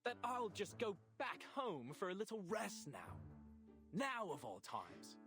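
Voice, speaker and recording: A man's voice: high voice, wildly swooping pitch, unhurried, fairly bright tone, faint music behind, full character voice. An actor playing a feverish, overenergetic male civil servant with a theatrical, cartoon-villain delivery in a video game. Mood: manic scheming.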